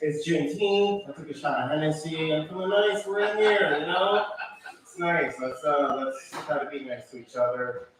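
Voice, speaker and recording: A man's voice: a little high, normal speed, a bit bright. A man doing a rambling, profane open mic stand-up set, full of ums and asides. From Connecticut, USA. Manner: loose rambling delivery with many ums and profanity. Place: small venue with live crowd. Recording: echoey room, far from mic, crowd noise.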